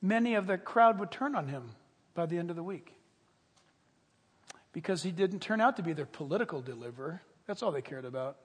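A man preaching a sermon as pastor, dramatic and animated, swinging between loud bursts and hushed, intimate tones. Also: fairly high pitch, fairly quick, slightly rough. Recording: long reverb of a large hall.

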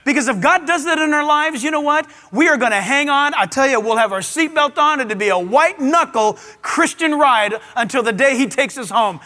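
A man preaching a sermon to a live audience in a large auditorium, animated, with playful asides. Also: very high-pitched, fairly quick, hardly any pauses, long reverb tail. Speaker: pastor.

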